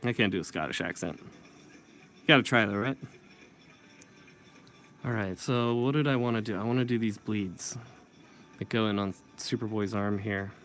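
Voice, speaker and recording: Lowish man talking through his inking. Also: fairly quick, soft background music. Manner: thinking aloud while working, self-correcting. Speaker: comic book inker. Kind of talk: casual drawing tutorial.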